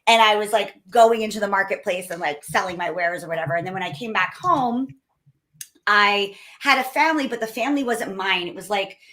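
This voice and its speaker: A woman's voice: medium pitch, brisk, a bit bright. A woman co-hosting a podcast, joking and chatting casually. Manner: joking, wisecracking. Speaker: podcast co-host.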